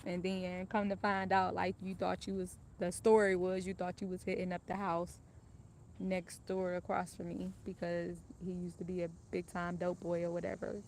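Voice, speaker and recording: A woman's voice: medium pitch, a little mellow, a little hiss or hum. A woman casually telling a personal story in a candid, profane, rambling way.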